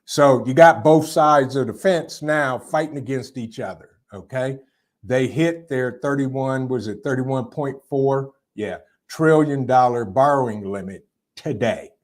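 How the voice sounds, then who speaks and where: A man's voice: mid-range voice, a little slow. Rambling male livestream host reading comments. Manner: rambling, conversational, frequent fillers and repeats. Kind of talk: casual live chat reading viewer comments.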